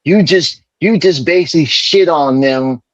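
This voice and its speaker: A high-voiced man argues on an online group call, cutting in again and again to press his point. The audio is dull and muffled, with a dry, close sound and no room around it. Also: a little slow, no echo. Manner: interrupting, insistent, repeats "sir" and "hold on". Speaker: host. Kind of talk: heated debate call.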